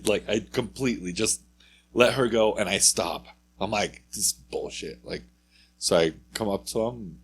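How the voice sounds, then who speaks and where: A man's voice: on the low side, breathy edge. A man co-hosting a podcast, telling a rambling anecdote in casual chat and acting out what people said. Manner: rambling anecdote with acted-out quotes and profanity. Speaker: podcast co-host.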